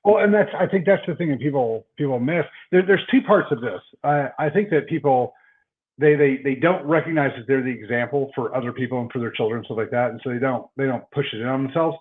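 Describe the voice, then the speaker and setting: A man's voice: mid-range voice, fast. A middle-aged man, a guest chiropractor, telling stories in a casual podcast conversation and often restarting his words. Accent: Texan. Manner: storytelling, many repeated word starts. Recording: tinny phone-like line.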